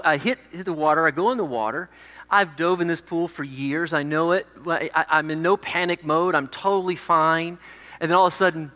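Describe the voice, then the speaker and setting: Bright-voiced pastor in his forties. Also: fairly high pitch. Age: 40s. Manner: conversational, self-deprecating storytelling. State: recovering from a head injury. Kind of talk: sermon with a personal story. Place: church hall. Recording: echoey hall.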